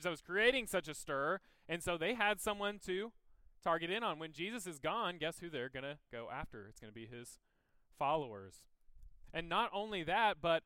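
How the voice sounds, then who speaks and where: A male pastor walks his listeners through scripture in a relaxed, conversational way, stopping for a homely story now and then. His voice is bright and crisp, sitting a little high, and it is captured close and dry with almost no room sound. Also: no room sound, low-quality recording. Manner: conversational, explains scripture with personal stories. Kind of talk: sermon teaching.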